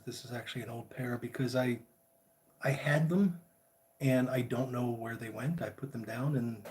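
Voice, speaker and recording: A man chatty livestream host. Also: mid-range voice. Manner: chatty, greets viewers by name, relaxed and friendly. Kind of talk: casual live chat.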